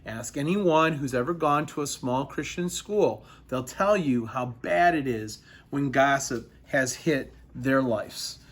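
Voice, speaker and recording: A male teacher walks his class through a history lesson, speaking slowly and deliberately. He stumbles often, fills gaps with ums and uhs, and repeats key sentences for emphasis. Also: medium pitch, animated. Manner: slow, halting delivery with many fillers and repeated phrases.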